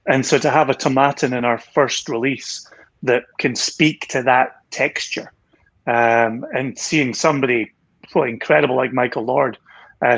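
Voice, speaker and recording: A husky-voiced Scottish man whose accent has drifted transatlantic, talking enthusiastically over a video call. He is a whisky company co-founder, self-deprecating, and his speech is full of fillers. His pitch sits in an ordinary middle range. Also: fairly bright tone. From Scotland. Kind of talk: casual livestream chat.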